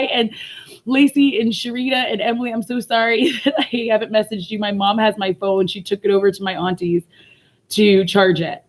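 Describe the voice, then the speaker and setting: A woman chatting casually with viewers on a livestream, tearful and laughing, swearing freely. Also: mid-range voice. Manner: emotional, laughing through tears, swearing freely. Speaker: vlogger.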